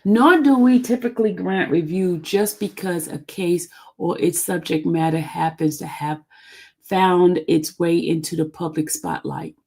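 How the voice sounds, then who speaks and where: A woman's voice: lowish voice, a little slow, dark tone, slightly rough. A woman hosting a live stream, reading a court document aloud in an informal, chatty way and stumbling over legal words. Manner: chatty and informal between read passages. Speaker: channel host.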